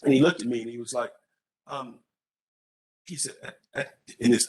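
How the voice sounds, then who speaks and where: A man who is a candidate at a public college forum, answering an audience question with an animated story, often repeating words as he restarts. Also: medium pitch, moderate pace, long pauses, rough recording.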